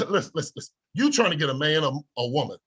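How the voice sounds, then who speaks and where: A middle-aged man giving a preachy, repetitive motivational pep talk as a trading mentor, laughing and breaking into shouts. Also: a little high, sing-song, quick pace, husky.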